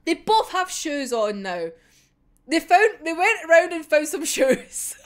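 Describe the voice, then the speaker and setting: A woman's voice: extremely high pitch, big pitch swings, measured pace. A young woman giving a casual, giggly and sweary reaction to a manga chapter. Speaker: manga reviewer.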